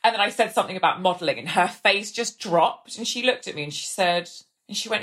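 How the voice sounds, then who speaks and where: A woman's voice: on the low side, expressive, fairly quick, few pauses, a bit bright. Rambling woman telling stories. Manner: rambling storyteller, acts out quoted voices. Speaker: guest. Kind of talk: casual podcast chat.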